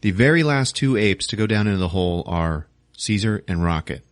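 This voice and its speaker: A male podcast host giving a casual movie recap, full of crude jokes and his own laughter. His voice sits low and sounds close and dry. He keeps acting out the scenes as he goes. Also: animated, brisk, dry recording.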